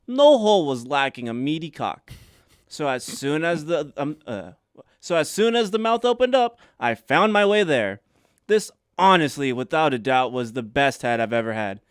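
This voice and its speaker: A man on a comedy podcast reads a listener's letter aloud in a smooth, clear voice with a lively pitch. His delivery is emphatic and mock-dramatic. He sits a bit back from the mic in a dry room. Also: moderate pace, no room sound. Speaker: podcast co-host reading listener mail. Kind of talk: reading a write-in aloud.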